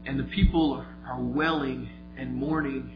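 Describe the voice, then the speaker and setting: A man preaching a sermon, retelling a story vividly, moving between quiet and emphatic delivery. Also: medium pitch, fairly even intonation, unhurried. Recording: echoey, slightly dull, faint music.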